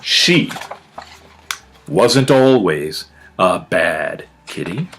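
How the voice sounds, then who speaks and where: A man, a children's author, reading his own picture book aloud to young listeners, stretching words for emphasis and stopping to explain words in a chatty way. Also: slight background noise. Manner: animated storyteller with big pitch swings and drawn-out emphasis.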